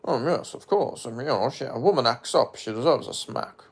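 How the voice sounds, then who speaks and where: A man's voice: medium pitch, expressive, normal speed, slightly rough. A man doing an impression of an old-school male film star who speaks in a blunt, matter-of-fact drawl.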